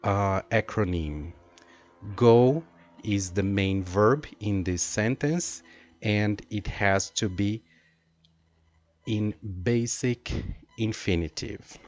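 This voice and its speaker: A man teaching an English grammar lesson, explaining slowly and reading out example sentences. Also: fairly low pitch, darkish tone. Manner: slow, deliberate explaining with drawn-out example sentences.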